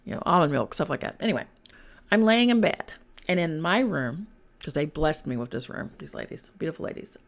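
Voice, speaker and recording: Speaking fairly quickly in a low, expressive voice with vocal fry, this podcast host and spiritual coach shares a personal story. Her style is casual and slangy, with swearing and direct address to her audience.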